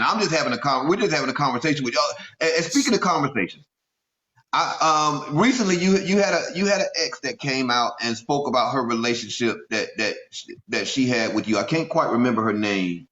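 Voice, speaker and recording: A male interview host asks pointed questions slowly and haltingly, padding them with many fillers. His voice is slightly high for a man. It reaches us through echoey, dull lo-fi audio. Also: bright, forceful tone.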